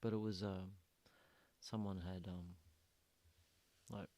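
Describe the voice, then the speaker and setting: A man's voice: sits low, level tone, slow, mellow. A man in casual chat who mostly listens, murmuring agreement and laughing easily. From Australia.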